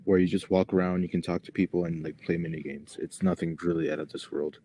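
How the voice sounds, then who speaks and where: A man's voice: deep voice, steady tone, quick pace, dark tone, a little hiss or hum. A young man co-hosting a podcast, talking in a laid-back, offhand way. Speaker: podcast co-host. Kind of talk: casual chat.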